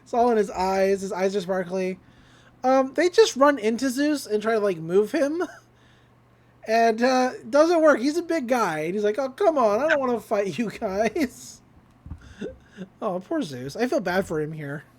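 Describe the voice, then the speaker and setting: Animated woman recapping an episode. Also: fairly high pitch, normal speed. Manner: animated retelling, acts out quotes, laughs often. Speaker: podcast host recapping a cartoon episode. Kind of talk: casual recap.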